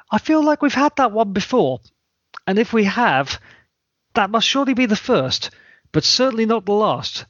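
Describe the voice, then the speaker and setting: Lively semi-deadpan man, lo-fi. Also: high voice, moderate pace, breathy edge, no room sound. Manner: semi-deadpan, dry wit. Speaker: podcast host. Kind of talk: scripted episode recap.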